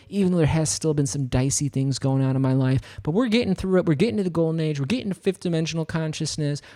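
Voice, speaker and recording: A man's voice: fairly high pitch, mellow. Rambling upbeat American man. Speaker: music producer streaming a tutorial. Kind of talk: casual livestream chat. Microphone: studio microphone.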